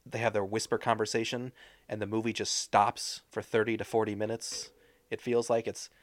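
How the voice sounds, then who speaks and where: A man's voice: lowish voice, level tone, moderate pace, no room sound. Sardonic man ranting about a movie. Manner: sardonic, complaining rant. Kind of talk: casual movie discussion.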